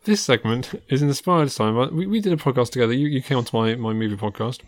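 A man's voice: mid-range voice, fast talker. A man co-hosting a podcast, chatting casually and laughing often. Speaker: podcast co-host. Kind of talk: casual chat.

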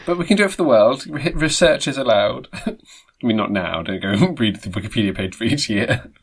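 Casting note: man, podcast co-host, husky timbre, playful teasing, laughs a lot. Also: mid-range voice, animated, brisk. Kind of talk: casual chat.

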